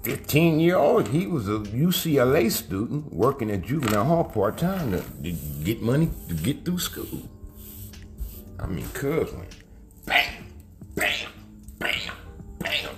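A man's voice: mid-range voice, vocal fry. A middle-aged man, telling street stories in casual, profane, slang-heavy talk and acting out the quotes. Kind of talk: casual storytelling.

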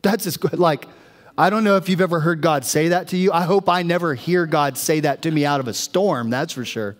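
A fairly quick, slightly high-voiced pastor addresses his congregation, animatedly telling stories in his sermon. It's recorded in a church sanctuary with a long, hall-like reverb.

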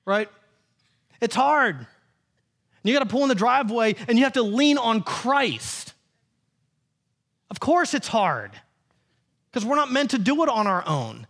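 A man in his thirties, a pastor preaching a lively sermon and acting out quotes in playful voices. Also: extremely high pitch, a little slow, pauses often. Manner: animated, acts out quotes in funny voices. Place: church sanctuary.

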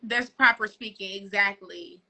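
A young woman joining a casual livestream chat, teasing and laughing in a low-key way. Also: a little slow, pushed and bright, slight background noise. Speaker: friend on the livestream. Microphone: phone on a live video call.

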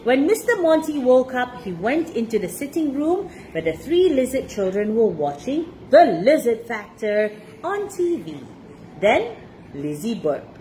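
A woman from Malaysia reading a children's storybook aloud to her child, expressive with laughing asides. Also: on the high side, measured pace, a little hiss or hum, rough recording.

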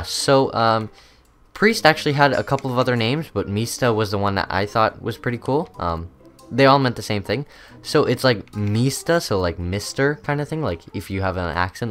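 A man's voice: on the low side, fairly bright tone. Rambling young man narrating gameplay. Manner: rambling, chatty, many ums and uhs. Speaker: gaming channel host. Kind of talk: casual gameplay commentary.

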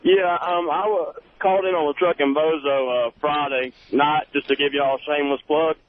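A man's voice: a little high, steady tone, normal speed. A man from South Carolina, calling into a radio show, polite and folksy. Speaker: caller. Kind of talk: phone call to radio show. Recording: tinny phone line with faint hiss.

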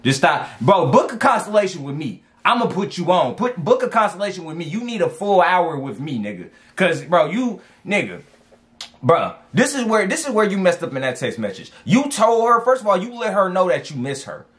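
Animated, slangy man with lively pitch. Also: normal speed. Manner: animated, slangy, repeats for emphasis. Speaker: dating advice vlogger. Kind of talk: casual reaction commentary.

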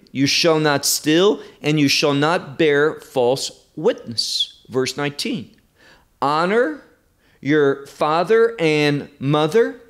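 A man teaching through a Bible passage verse by verse. He speaks slowly and with strong emphasis, his fairly high voice swinging widely in pitch to stress key words. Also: fairly bright tone. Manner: slow, emphatic, rises and falls for stress.

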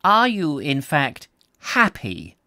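A man's voice: fairly high pitch, wildly swooping pitch, slow, sharp tone, dry recording, clean studio sound, pitched above the performer's own voice, exaggerated voice. A man reading aloud, voicing a fussy, probing middle-aged male doctor who keeps asking questions. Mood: inquisitive. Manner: persistent, inquisitive questioning.

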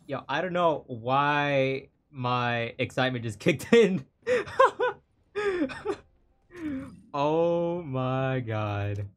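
A man's voice: medium pitch, takes it slowly, hardly any pauses, smooth. Man muttering over gameplay, swearing. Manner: swings from flat muttering to shrieking excitement, swears often. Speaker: gaming channel host. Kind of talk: live gameplay reaction and commentary.

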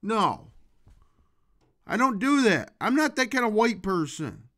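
Man, high voice, unhurried, rambling comedy monologue, shouty then muttering. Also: sing-song. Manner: rambling, shifts from loud outbursts to muttering. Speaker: vlogger.

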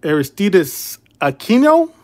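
A man hosts a casual livestream card break at an easy, unhurried pace. His talk is laid-back and chummy, calling viewers brother and man. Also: sits high, sing-song, a little mellow. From Chicago area.

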